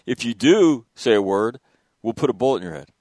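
A man and military veteran telling war stories in a casual chat, animated and swearing freely. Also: mid-range voice, fairly quick, no room sound. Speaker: podcast host, military veteran.

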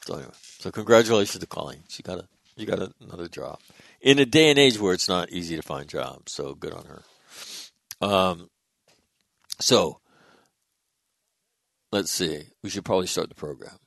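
A middle-aged man hosting a show, telling a story in a blunt, casual way with some swearing and lively retelling of conversations. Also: sits low, normal speed, vocal fry, long pauses, no echo, studio quality. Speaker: show host.

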